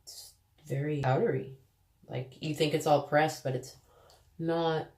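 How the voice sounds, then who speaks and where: A woman's voice: deep voice, animated, a little slow, pauses often. A woman beauty vlogger chatting casually through a makeup tutorial, self-deprecating, with sudden exclamations. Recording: echoey room.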